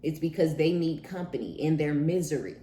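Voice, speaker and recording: Low-voiced blunt woman reading tarot. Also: animated, a little fast, warm tone, reverberant. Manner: blunt, profane and dramatic, acts out quoted people. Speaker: tarot reader. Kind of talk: casual tarot reading monologue.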